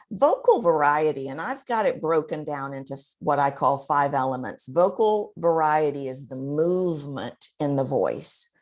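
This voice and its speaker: A woman voice coach giving expressive, demonstrative advice in an interview. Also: sits low. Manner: expressive, demonstrates vocal techniques. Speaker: voice coach guest.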